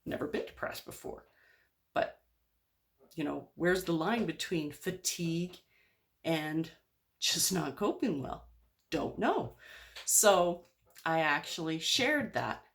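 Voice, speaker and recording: A woman's voice: low voice, animated, slow, gravelly, long pauses. A woman speaking candidly in a personal video diary, open and rambling with lots of fillers. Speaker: vlogger.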